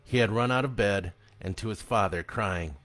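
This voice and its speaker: A man giving a live reading of his own horror story in an expressive, dramatic storytelling manner. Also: lowish voice, moderate pace, no room sound.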